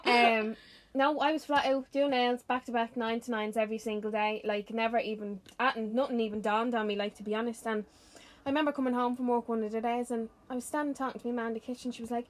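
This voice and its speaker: Higher-voiced Dublin woman, crude and chatty. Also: steady tone, fast talker. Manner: chatty and crude, laughs often. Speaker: podcast co-host. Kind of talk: casual chat.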